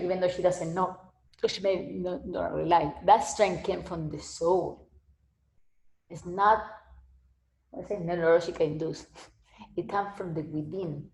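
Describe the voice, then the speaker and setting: A woman's voice: on the low side, vocal fry, darkish tone. A woman giving a casual spiritual talk and answering questions, rambling and repeating herself, often laughing. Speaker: spiritual teacher. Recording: echoey room.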